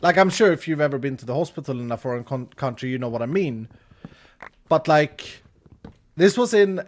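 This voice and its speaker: A man in his thirties from Sweden, speaking English as he animatedly tells a story while gaming on a live stream. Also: on the high side. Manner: animated, with restarts and laughter.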